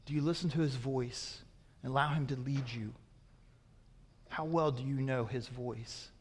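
A man's voice: medium pitch, unhurried, slightly rough. A man preaching a sermon as pastor, asking his congregation rhetorical questions and growing emphatic when he warns them. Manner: grows forceful and emphatic when warning. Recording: long reverb of a large hall.

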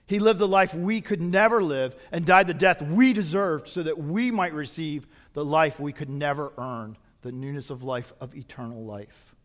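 A man preaching a sermon as a pastor, swinging from loud emphatic peaks to quiet, low asides. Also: moderate pace, few pauses, long reverb tail.

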